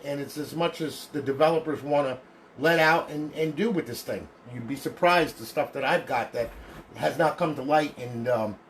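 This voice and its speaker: A man talking casually on a livestream as a console modder, chatty and profane, tagging his sentences with "okay?" and jumping into excited bursts between low asides. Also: a little hiss or hum. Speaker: console modder streaming to customers.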